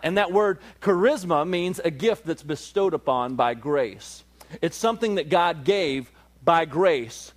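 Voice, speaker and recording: A man preaching with a voice that sits a little higher than most men's. He surges upward and louder on rallying calls to his congregation, then eases into a slower, steady teaching voice when he walks through scripture word by word. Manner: preaching, rising in pitch and volume on emphatic calls, slowing to explain scripture. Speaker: pastor. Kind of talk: sermon.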